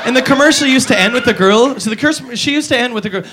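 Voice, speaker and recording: A man's voice: very high voice, quick pace, noisy background. A man doing a stand-up comedy routine, ranting in a profane, incredulous way and slipping into goofy voices.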